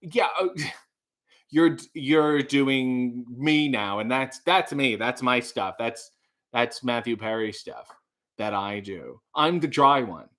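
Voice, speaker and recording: A man's voice: mid-range voice, takes it slowly. A man playing a dry, sarcastic caller trying to book a table over the phone. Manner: deadpan, sarcastic. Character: sarcastic dry-witted man phoning a restaurant.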